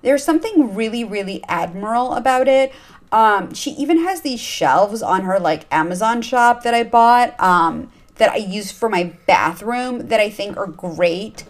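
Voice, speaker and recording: A woman's voice: medium pitch, expressive, unhurried. A woman hosting a podcast, talking in a chatty, candid way with lots of fillers and asides. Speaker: podcast host. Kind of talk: casual chat. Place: lives in Los Angeles.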